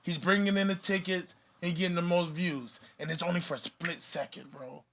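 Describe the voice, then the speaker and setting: A man's voice: sits high, steady tone, normal speed, creaky, fairly bright tone, a little hiss or hum. A man in casual podcast chat, laid-back and emphatic, swearing and repeating himself for effect. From California. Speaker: rapper guest.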